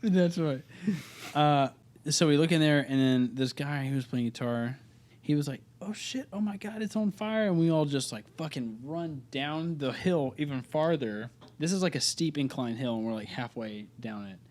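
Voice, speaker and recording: A man's voice: medium pitch, normal speed, darkish tone. Rambling young man telling a story. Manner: rambling, profane, self-interrupting. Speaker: podcast guest, band singer. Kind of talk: casual storytelling chat.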